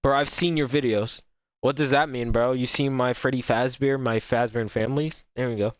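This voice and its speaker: A man's voice: mid-range voice, fairly even intonation, a little fast, clear, resonant tone, no echo, muffled recording. A young man casually commenting on a game while chatting with viewers, rambling and repeating himself, often apologizing. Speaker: gaming streamer.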